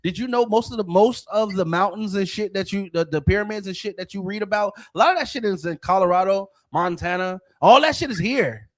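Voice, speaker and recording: A man's voice: high-pitched, brisk, hardly any pauses. A man hosting a podcast, ranting in a heated, profane way and often restarting his sentences. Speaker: podcast host. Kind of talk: casual podcast rant.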